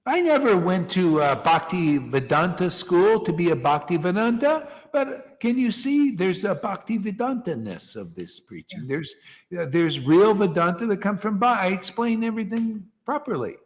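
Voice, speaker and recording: A man leading a devotional gathering, preaching informally with emphatic rhetorical questions that rise to near shouts. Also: high voice, big pitch swings, moderate pace, big-room sound. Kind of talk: informal preaching to a small group.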